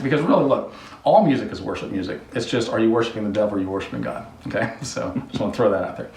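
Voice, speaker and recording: A man's voice: lowish voice, racing, creaky, darkish tone. Rambling man in an echoey workspace. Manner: rambling, jokey asides. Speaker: home repair video host. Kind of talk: casual storytelling and DIY instruction. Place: work area during a water heater install. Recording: echoey room, mic at a distance.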